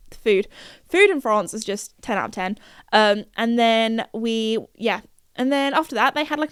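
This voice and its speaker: Young woman from the UK, podcast host, casual chatty storytelling, smooth clear voice, dry close sound. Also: mid-range voice, dry recording. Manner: chatty, giggly, full of fillers and restarts. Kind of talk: casual chat.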